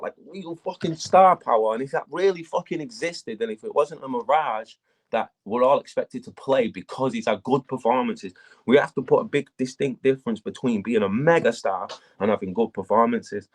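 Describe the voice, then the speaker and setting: A man, a battle rap guest talking casually in an interview, telling animated stories and swearing a lot. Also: mid-range voice, brisk. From England. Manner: animated storytelling, heavy swearing.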